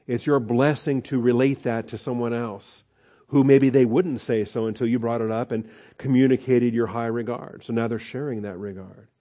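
A man's voice: medium pitch, warm tone. A male pastor preaching a sermon in a conversational way, with fillers and rhetorical questions.

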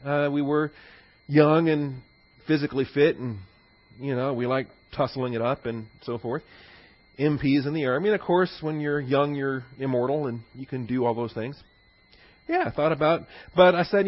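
A middle-aged pastor teaching a sermon in a conversational, digressive way, with anecdotes and chuckles. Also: male voice, on the high side, normal speed. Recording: slightly dull lo-fi sermon recording.

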